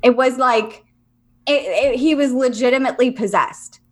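A young woman with a fairly high voice tells a ghost story on a casual podcast. She is animated and laughs often, and she swears freely as the tale builds. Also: moderate pace. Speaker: podcast co-host.

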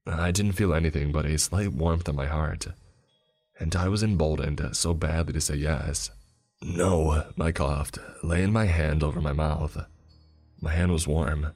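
A man narrating a first-person horror story in a grim, measured way. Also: a bass voice, a little mellow.

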